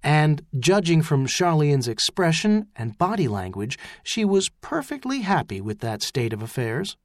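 A man giving scripted audiobook narration in an even, measured storytelling manner. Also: fairly high pitch, dry recording, studio quality.

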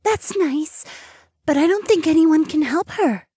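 A man putting on a breathy, tearful young woman. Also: extremely high pitch, lively intonation, unhurried, mellow, dry recording, studio quality, pitched above the performer's own voice. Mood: fearful. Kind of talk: audiobook narration.

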